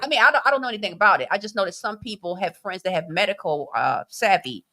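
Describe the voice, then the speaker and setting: A woman's voice: mid-range voice, expressive, fast talker, bright, forceful tone. A woman co-hosting a casual podcast, reading chat comments and laughing as she acts out quoted voices.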